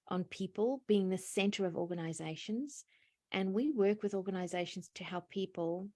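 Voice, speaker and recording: A woman's voice: fairly low pitch, darkish tone. An older woman from South Africa with a South African accent, a guest chatting on a video call about her life and work. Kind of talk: casual video call chat.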